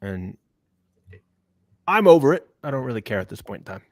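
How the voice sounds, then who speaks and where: A man's voice: mid-range voice, very animated, normal speed, no room sound, clean studio sound. Opinionated male sports podcast co-host. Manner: opinionated, emphatic. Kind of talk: casual sports chat.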